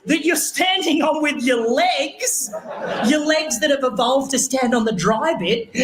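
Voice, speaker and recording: A man with an Australian accent doing a live stand-up set, profane and animated, laughing through his jokes. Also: extremely high pitch, slow, crowd noise. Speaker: stand-up comedian. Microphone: handheld stage microphone.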